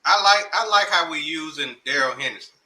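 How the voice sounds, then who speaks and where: Laid-back man with a bright, tense voice. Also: a little high, lively intonation, a little fast, rough recording. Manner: laid-back, slangy, reads stats. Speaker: co-host. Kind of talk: casual sports chat.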